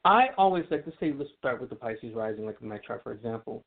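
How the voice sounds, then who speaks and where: A man's voice: mid-range voice, animated, fast talker, gravelly. A man explaining astrology in casual radio talk, chatty, with many fillers and restarts. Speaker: astrology guest. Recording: tinny phone line.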